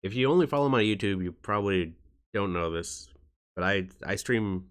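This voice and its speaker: A man's voice: fairly low pitch, lively intonation, normal speed, clean tone. A man chatting on his vlog in a joking, rambling and self-mocking way. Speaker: YouTuber. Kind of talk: casual vlog chat.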